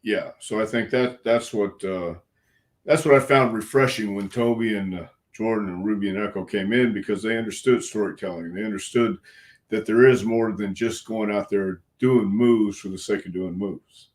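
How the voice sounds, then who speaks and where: Low-voiced older man telling stories. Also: moderate pace. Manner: frank, folksy, earnest, with some cussing. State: clearing a frog in his throat. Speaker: wrestling coach, interview guest. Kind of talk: casual storytelling interview.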